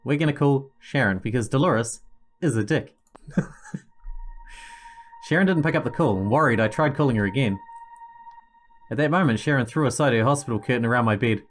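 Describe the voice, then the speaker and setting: A man narrates an interactive story game aloud, breaking off for casual, jokey asides. His voice sits at an ordinary middle pitch. Faint music plays softly underneath. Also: brisk. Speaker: gaming channel host.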